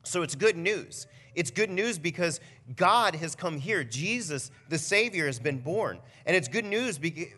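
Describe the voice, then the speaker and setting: A young man, a pastor, giving a conversational Christmas Eve message with animated storytelling. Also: fairly high pitch. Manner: animated storytelling, builds to near shouting.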